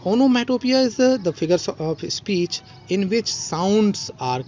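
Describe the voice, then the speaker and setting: A man with an Indian English accent, a school teacher slowly explaining a poem line by line with many fillers and restarts. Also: sits high, expressive, a little mellow, lo-fi sound, slight background noise. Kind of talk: recorded online poetry lesson.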